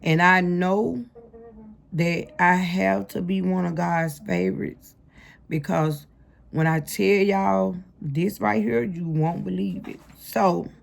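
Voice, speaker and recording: Taking it slowly, a young woman recounts her life story to her viewers in a low, gravelly voice. She keeps it casual and slangy and keeps addressing them as "y'all."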